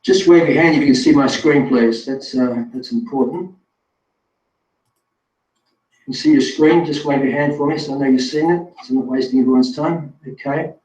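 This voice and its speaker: A man's voice: medium pitch, normal speed, darkish tone. A man presenting a live online webinar, talking straight to viewers in a chatty, self-correcting way. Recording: distant roomy lo-fi sound.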